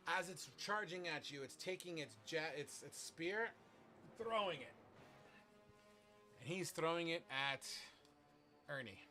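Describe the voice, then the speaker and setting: A man's voice: on the high side, animated, measured pace, pauses often, pushed and bright, faint music behind. A man running a tabletop game as game master, narrating monster turns casually and swearing freely between laughs.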